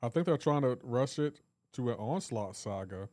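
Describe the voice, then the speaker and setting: A man's voice: mid-range voice, lively intonation, normal speed, warm tone, no room sound. Joking man chatting on a live stream. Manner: joking, reads chat aloud. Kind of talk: casual live stream chat.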